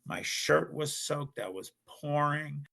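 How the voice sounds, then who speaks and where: Middle-aged man, podcast guest, gravelly bright tone, emphatic storyteller. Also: a little high, animated, slow. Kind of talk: telling a personal story.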